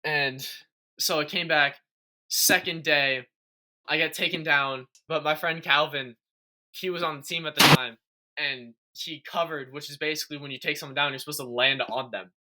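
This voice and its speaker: Young male podcast host; rambling casual storyteller, slightly high, bright tone. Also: steady tone, normal speed, slight background noise. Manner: rambling storyteller, many fillers and restarts. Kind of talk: casual chat.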